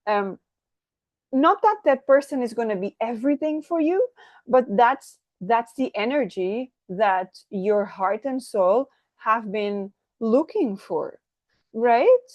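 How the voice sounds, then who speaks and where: Effusive, excitable woman tarot reader. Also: a little high, takes it slowly, no room sound. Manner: effusive, keeps asking "right?"; excitable, trips over words. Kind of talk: channeled tarot reading.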